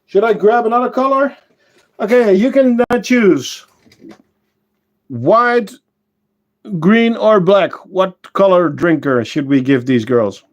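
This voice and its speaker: A man hosting a casual livestream, chatting with viewers and answering their comments, unhurried and full of fillers and self-corrections. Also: sits high, expressive. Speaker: ant-keeping channel host and shop owner.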